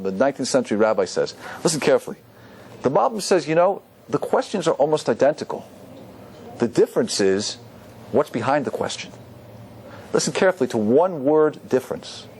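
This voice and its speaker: A man's voice: a little high, darkish tone, slight background noise. A man teaching a Torah class as a rabbi, quizzing his students and quoting Hebrew verses.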